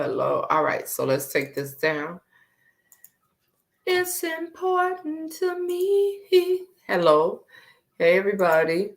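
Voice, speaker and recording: A woman's voice: rumbling low, fairly bright tone. A woman hosting a casual live stream, chatting with viewers and greeting them by name with repeated hellos.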